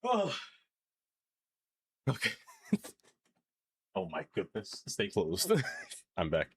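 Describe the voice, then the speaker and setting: A man's voice: deep voice, wildly swooping pitch, very slow, slightly rough, no echo. A man live-streaming, chatting casually with his viewers and pets, laughing often and rambling. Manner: giggly, rambling, talks to chat and pets.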